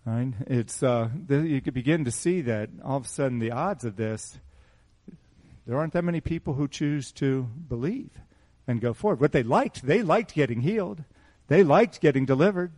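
A middle-aged man preaching a sermon in a small church, asking the congregation rhetorical questions in an animated way. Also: mid-range voice, moderate pace. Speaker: pastor.

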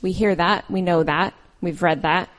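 A woman's voice: fairly low pitch, fairly even intonation, normal speed. A woman reading scripture aloud, then preaching in an earnest, conversational way with personal stories. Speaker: lay preacher.

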